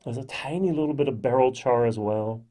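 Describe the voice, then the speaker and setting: A man's voice: medium pitch, fairly quick, warm tone. A middle-aged man giving a casual whisky tasting review to camera, chatty and thinking aloud with lots of ums and self-corrections.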